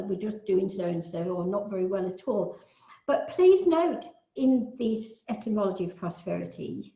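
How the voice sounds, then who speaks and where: An older woman from the UK giving a measured online lecture on astrology, explaining ideas with musing asides. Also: mid-range voice, very animated, creaky. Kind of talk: online talk with shared screen. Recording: echoey, dull lo-fi.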